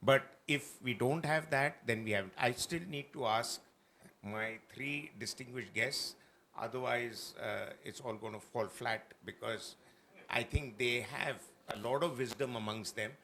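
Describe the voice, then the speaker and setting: A man moderates a panel discussion on a festival stage. He speaks bluntly and addresses his guests politely as sir. His voice sits at an ordinary pitch, with faint room noise behind it. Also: a little slow, pushed and bright.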